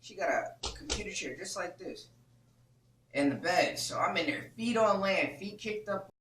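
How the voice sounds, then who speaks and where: A man's voice: sits high, lively intonation, normal speed, a bit bright. A man in his thirties telling a personal story in a casual, profane, slang-heavy way. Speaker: storyteller host. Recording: echoey room, mic at a distance.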